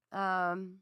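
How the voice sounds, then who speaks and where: Chatty, animated woman. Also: medium pitch, clean tone. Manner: animated and chatty, laughs often, reads viewer comments aloud. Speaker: psychic reader. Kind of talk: live-streamed card reading, chatting with viewers.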